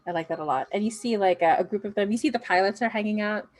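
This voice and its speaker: A woman's voice: medium pitch, fast talker, dry recording. A woman running a tabletop game, casually describing scenes with many fillers. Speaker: game master.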